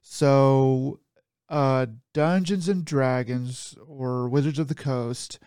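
A man's voice: mid-range voice, fairly even intonation, slow pace, dark tone, clear, resonant tone, no room sound, studio quality. Chatty, laughing podcast co-host man. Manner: chatty, laughs often, gets worked up. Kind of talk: casual podcast chat. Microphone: remote call mic.

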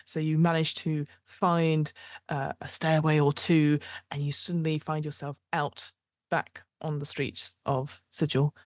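A woman's voice: deep voice, level tone, measured pace, no room sound, studio quality. A woman as game master, improvising tabletop game narration in a descriptive, meandering way. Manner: descriptive, meandering, with frequent fillers.

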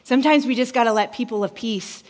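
Higher-voiced woman pastor in a reverberant church. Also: fast. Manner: storytelling, animated, acts out voices. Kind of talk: sermon. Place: church sanctuary. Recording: reverberant hall.

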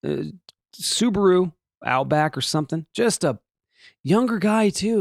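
A man's voice: on the high side, animated, normal speed, creaky, no room sound, clean studio sound. A man hosting a casual solo daily podcast, rambling and joking through the day's items with many restarts and asides. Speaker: podcast host.

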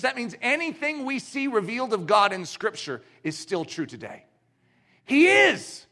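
Lively high-voiced male preacher. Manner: animated, emphatic preaching with rhetorical questions. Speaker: pastor. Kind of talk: sermon.

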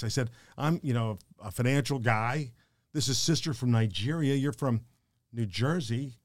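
An older man, a podcast guest telling stories quickly, acting out the dialogue. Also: mid-range voice, no echo, clean studio sound. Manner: fast, animated storyteller who acts out quoted dialogue. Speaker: podcast guest, financial advisor. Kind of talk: emotional storytelling in conversation.

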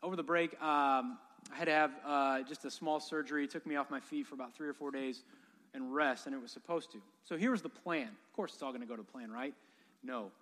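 A man's voice: mid-range voice, fairly quick, fairly bright tone. A man in his thirties preaching a sermon, telling stories with humor and animation. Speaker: pastor. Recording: long hall reverb.

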